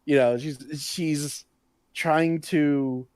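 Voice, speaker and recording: A man's voice: fairly high pitch, fairly even intonation, extremely slow, a little mellow, dry recording, clean studio sound. A man co-hosting a podcast, rambling through a TV scene with lots of fillers. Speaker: podcast co-host. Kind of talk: casual chat.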